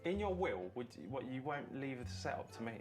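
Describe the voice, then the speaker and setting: A man's voice: medium pitch, big pitch swings, fairly quick. A man presenting a gaming setup video, joking and running through gear in a casual way. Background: music.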